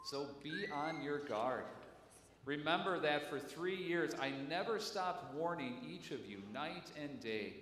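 A man reads scripture at a very unhurried, measured pace in a formal tone. His voice echoes with a long reverb through a church sanctuary. Faint room noise sits behind him. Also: medium pitch, a bit bright. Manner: slow and measured. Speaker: scripture reader.

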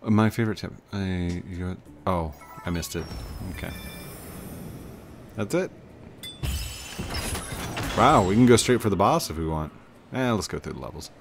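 A gaming video host plays through a casual let's-play, rambling and poking fun at himself, with game music in the background. His voice is deep and unhurried, broken by long pauses.

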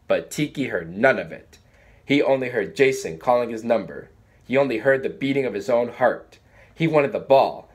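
A man reading a children's book aloud with animated, dramatic pacing. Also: mid-range voice, husky. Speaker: storybook reader.

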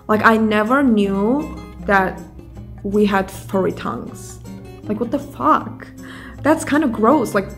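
A young woman hosting a comedic vlog, rambling, sarcastic and casually profane. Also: medium pitch. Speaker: vlogger.

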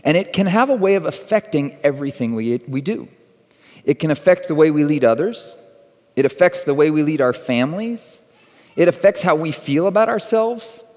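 A man's voice: fairly high pitch, expressive, normal speed, darkish tone. A man from Texas preaching as a guest pastor, conversational and joking, telling stories from the pulpit. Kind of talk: sermon with humorous storytelling. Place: church sanctuary. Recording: reverberant church hall.

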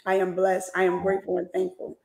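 A woman's voice: on the low side, monotone, fast, gravelly, mellow. A woman hosting an interview show, effusive and gushing with praise. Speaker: show host. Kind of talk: casual interview chat. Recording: echoey room.

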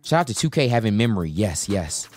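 A man giving live commentary on his own basketball video game, slangy and full of trash talk, breaking into excited yells. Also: fairly low pitch, quick pace, faint music behind. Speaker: gaming YouTuber.

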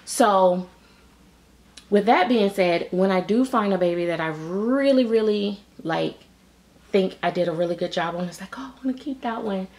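A middle-aged woman who makes reborn dolls and vlogs chats casually to her viewers in a medium-pitched, slightly mellow voice at a measured pace. She rambles, with many fillers and restarts.

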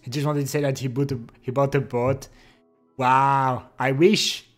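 Young guy on a live stream, easygoing chatty talk, mid-pitched voice, soft music underneath. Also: a little slow. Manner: relaxed, giggly, chatty with restarts. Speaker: livestreamer. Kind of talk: casual chat reading and answering viewer chat.

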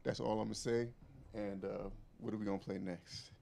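A man's voice: fairly low pitch, little pitch movement, brisk, creaky, mellow. A man in his forties, a guest musician, chatting casually from the stage in a laid-back way, chuckling and loose with fillers. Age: 40s.

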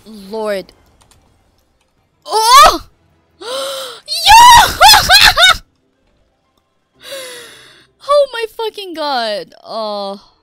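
A woman streaming a game, laughing and swearing in breathless excitement. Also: high voice, extremely slow, pauses often, over loud music. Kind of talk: excited gaming stream chat.

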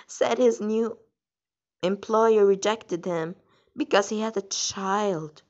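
A woman's voice: mid-range voice, slow pace, a little mellow, voice pushed up, natural voice. A woman voicing a young boy who texts his father, in a pleading voice raised a little above her own. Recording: dull lo-fi audio.

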